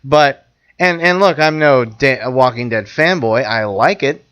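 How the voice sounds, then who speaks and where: A man co-hosting a podcast in casual chat, jokey and quick to cut in with laughs and asides. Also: mid-range voice, animated, a bit bright, clean tone, no echo. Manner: chatty, jokey, interjecting, laughs often. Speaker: podcast co-host.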